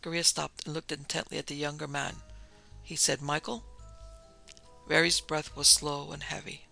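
Male narrator for a dark tale, gravelly, a touch high, faint music underneath. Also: level tone, normal speed, rough recording. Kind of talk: scripted story narration.

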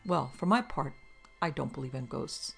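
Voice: mid-range voice, expressive, normal speed, vocal fry, husky, soft background music. A narrator voicing a skeptical French philosopher arguing that the soul cannot be placed. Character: skeptical male French materialist critic.

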